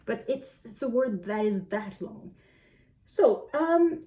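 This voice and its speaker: A woman's voice: a little high, warm tone. A woman whose first language is French, talking to camera as a book vlogger, musing aloud and asking herself questions. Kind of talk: casual talk to camera.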